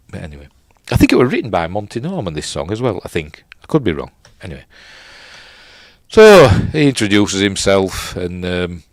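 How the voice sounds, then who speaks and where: A middle-aged Yorkshire man chats his way through a film review, his low voice bouncing up and down with lively swings. He rambles, stops to correct himself and chuckles along. The sound is close and dry, with no room around it. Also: dry recording. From Yorkshire, England. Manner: rambling, chatty, self-correcting with chuckles and fillers. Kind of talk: casual film commentary with live chat.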